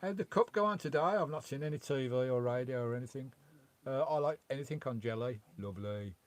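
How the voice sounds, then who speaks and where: Man, live-stream vlogger, rambling casual chat, mild swearing, middle pitch, parked in a campervan. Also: animated, fairly quick, no echo.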